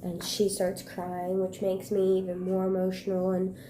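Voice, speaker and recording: A woman vlogger telling a painful personal story in a halting, hushed way, pausing and restarting. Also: medium pitch, completely flat delivery, a little hiss or hum.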